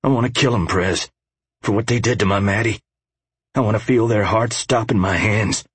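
A man giving voice to a psychopathic biker in a storybook reading, growling low threats, set a few steps higher than the reader's usual husky tone. The recording is dry and close. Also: moderate pace, dry recording. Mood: menacing.

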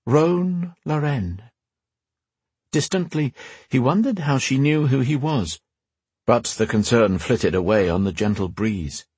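A man reading a fantasy audiobook, telling the story in a measured, expressive way. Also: medium pitch, slightly rough, dry recording. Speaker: narrator. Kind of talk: scripted fantasy audiobook narration.

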